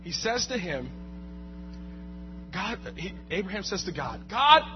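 A man preaching a sermon, swinging from quiet asides to loud, shouted bursts. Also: sits high, lively intonation, unhurried. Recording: muffled recording with music and hum.

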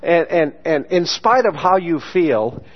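A man's voice: on the high side, lively intonation, a little slow. A male pastor telling a personal testimony in a sermon, acting out the voices he quotes and laughing often. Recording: muffled lo-fi sermon recording.

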